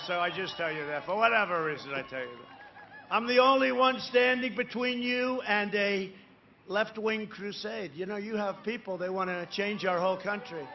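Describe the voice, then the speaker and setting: Higher-pitched man giving a rambling rally speech. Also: dull audio, a little hiss or hum. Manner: rambling, repetitive, full of asides and tag questions to the crowd; boastful, emphatic, with sudden loud bursts. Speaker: political candidate addressing a rally crowd.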